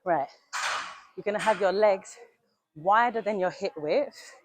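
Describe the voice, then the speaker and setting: A woman's voice: mid-range voice, a little slow, a little hiss or hum. A young woman coaching a gym workout in a casual, direct way, a bit out of breath as she demonstrates. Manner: direct, coaching, talks to viewers as "you lot". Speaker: fitness coach.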